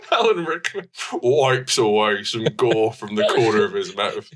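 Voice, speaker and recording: A man's voice: on the low side, sing-song, unhurried, noisy background. A man co-hosting a podcast, playfully narrating an improvised comedy story. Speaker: podcast co-host.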